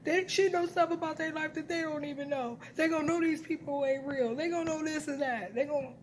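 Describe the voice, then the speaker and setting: A woman's voice: sits high, brisk, slight background noise, voice pushed up, natural voice. A woman putting on the voice of a grown man who whines and gripes. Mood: whining. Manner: whiny, griping. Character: whining, complaining grown man.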